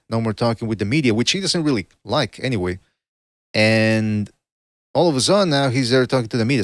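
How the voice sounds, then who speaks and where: A man's voice: on the low side, no echo, clean studio sound. A man from Canada hosting a boxing podcast livestream, chatting casually and rambling, often breaking off mid-sentence to correct himself.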